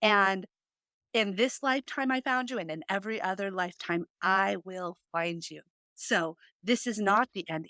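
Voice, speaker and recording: A woman's voice: mid-range voice, a bit bright, no echo. Earnest woman podcaster, dry close sound. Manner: earnest, heartfelt storytelling with many fillers. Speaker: podcast host. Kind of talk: casual chat.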